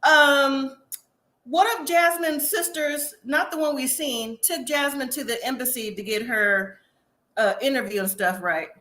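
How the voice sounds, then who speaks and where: Sassy woman host, casual reality-TV recap, bright and high. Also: a little slow. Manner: chatty, sassy, quotes people in animated asides. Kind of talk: casual live-stream recap.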